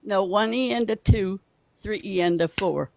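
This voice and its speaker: Gravelly man counting out drum rhythms. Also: high voice, unhurried, a crowd in the background. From Brazil. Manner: counts rhythms aloud, explains patiently. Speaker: guest drummer. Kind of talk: drum lesson demonstration.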